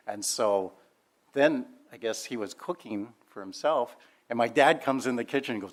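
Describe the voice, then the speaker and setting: Speaking briskly in a fairly low voice with lively intonation, an older man recalls stories about a relative. The telling is chatty and full of laughter and filler words, very much anecdotal reminiscing.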